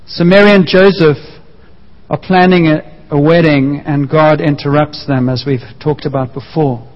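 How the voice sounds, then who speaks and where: A man with a fairly high voice delivers a Sunday sermon, leaning on repeated phrases and drawn-out emphasis. His voice rings through a large church with a long reverb tail. The sound is slightly dull and muffled. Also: steady tone. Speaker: pastor. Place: church hall.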